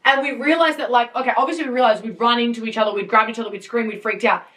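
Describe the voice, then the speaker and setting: A young woman with a fairly high voice, chatting through a story on her podcast. She talks in an animated way, laughs often and swears freely. Her voice sits a little back from the mic. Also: rapid-fire, distant mic. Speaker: podcast host. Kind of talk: casual storytelling. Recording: voice a bit off-mic.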